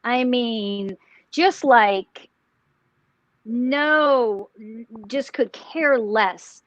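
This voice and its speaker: A woman psychic on a live paranormal show, talking haltingly with many restarts as she questions a spirit. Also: fairly high pitch, a bit bright, no room sound. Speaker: psychic, remote viewer. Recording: dull dry lo-fi audio.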